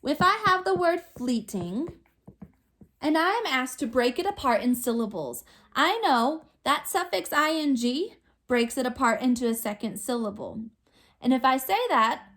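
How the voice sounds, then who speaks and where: A woman with a high, somewhat bright voice runs a remote phonics class for small children. She slows each word down and walks them through it patiently, step by step.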